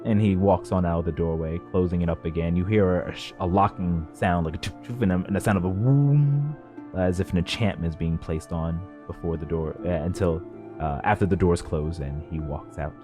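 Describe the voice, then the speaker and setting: A man with a very low voice narrates as game master, painting scenes with plenty of fillers. Soft music plays faintly underneath. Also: steady tone, fairly quick. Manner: descriptive, frequent fillers.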